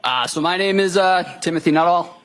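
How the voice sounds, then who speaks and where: A man in his twenties with a Massachusetts accent, testifying in court as a witness and speaking loudly with a lot of ums and uhs. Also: high-pitched, a little fast, rough recording. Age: 20s. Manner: loud, with frequent ums and uhs. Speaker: witness, firefighter paramedic.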